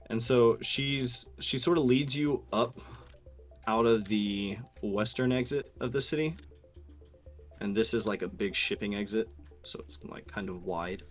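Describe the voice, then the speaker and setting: A man's voice: fairly low pitch, unhurried. A young man narrating as game master in a tabletop game, casual, swearing, with many fillers and restarts, faint music behind.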